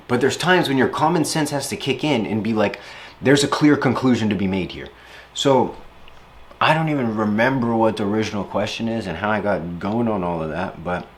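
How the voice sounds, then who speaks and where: A man's voice: lowish voice, a little hiss or hum. Man, reflective interview monologue, rambling and casual, voice lifts when he quotes himself.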